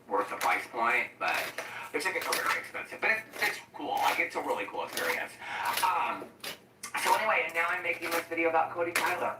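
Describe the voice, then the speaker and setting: A man's voice: medium pitch, heavy background noise. A tired man chatting casually and laughing a lot, wandering from story to story while he cooks in his kitchen. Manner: chatty, laughing often, goes off on tangents. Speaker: commentary YouTuber. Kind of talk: rambling casual vlog chat while cooking. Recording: roomy echo, mic at a distance.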